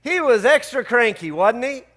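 A man's voice: very high-pitched, animated, moderate pace, fairly bright tone. A man preaching a sermon as pastor, conversational and emphatic, full of rhetorical questions to his church.

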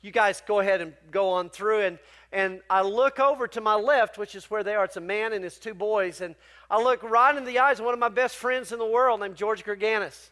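A male pastor preaching a sermon in a conversational, animated storytelling manner. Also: sits high, fairly quick.

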